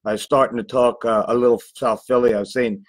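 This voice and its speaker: A man's voice: mid-range voice, steady tone, fast, rough recording. A man who is an actor, guesting on a podcast and rambling loosely about his projects. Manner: loose, rambling, easily sidetracked. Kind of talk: casual chat.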